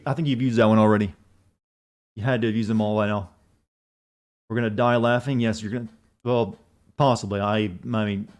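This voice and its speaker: A man's voice: mid-range voice, darkish tone. A man streaming a video game, chatting casually, answering chat messages in a rambling, profane way.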